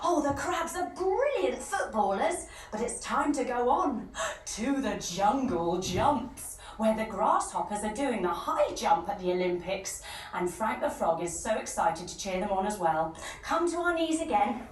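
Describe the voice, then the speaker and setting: Animated high-voiced woman leading kids. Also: measured pace. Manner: playful, animated storytelling with chants. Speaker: day camp leader. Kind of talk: kids' yoga story, guiding movements. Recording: echoey room, distant mic, background noise.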